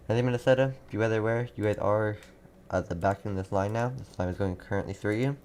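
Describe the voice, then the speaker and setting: A young man hosting a live storm-coverage stream, casually reading out viewers' towns and warnings, halting now and then. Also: on the low side, a little mellow. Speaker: livestream weather host.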